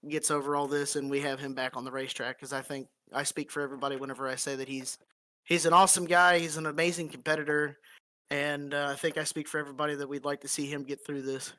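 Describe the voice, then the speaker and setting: A man fresh from winning a sim race speaks in a slightly high, bright voice that stays flat and even in pitch. He thanks sponsors and fans earnestly, halting often on fillers, heard through a headset in an online post-race chat.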